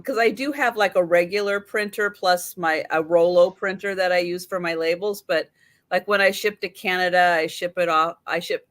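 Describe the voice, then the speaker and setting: A woman's voice: lowish voice, fairly bright tone. A woman hosting a live sale stream, chatting in an easygoing, amused way. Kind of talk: casual live-stream chat.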